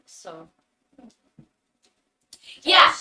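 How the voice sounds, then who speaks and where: Slow-talking bright-voiced woman. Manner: rambling, self-mocking. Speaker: player. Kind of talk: casual chat. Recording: roomy, distant mic.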